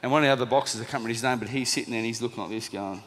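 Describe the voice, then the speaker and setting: A man in his thirties with an Australian accent, telling a lively anecdote to a live audience and acting out the lines of the people in it. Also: medium pitch, very fast. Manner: lively storytelling, acting out quoted lines, laughing at himself. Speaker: motivational speaker, former boxer. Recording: reverberant hall.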